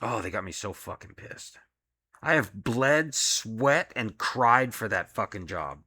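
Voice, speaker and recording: A man's voice: fairly low pitch, animated, unhurried, sharp tone, breathy edge, dry recording. A man, a delivery driver, venting in an angry, profane solo rant about his job. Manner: profane, heated, frustrated.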